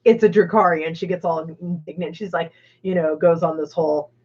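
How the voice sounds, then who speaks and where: A woman's voice: low voice, flat delivery, brisk, dark tone. A woman hosting a livestream, chatting casually with many fillers and laughs. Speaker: stream host. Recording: dull lo-fi stream audio.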